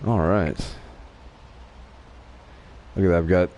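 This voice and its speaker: A man's voice: sits low, fairly even intonation, slow pace, a little mellow, muffled recording. A man with a slight Southern US accent hosting a casual gaming livestream, chatty and joking as he narrates his play. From Wyoming, USA. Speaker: livestream host.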